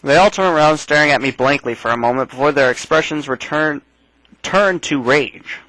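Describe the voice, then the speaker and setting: A man's voice: a little high, moderate pace, bright, forceful tone, dry recording, low-quality recording. A man hosting a let's play, casually reading a text game aloud and adding his own asides. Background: faint game music.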